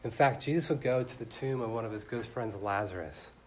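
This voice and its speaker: A young man preaching a sermon earnestly, his voice swelling loud and then dropping soft. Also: mid-range voice, a little fast, slight background noise.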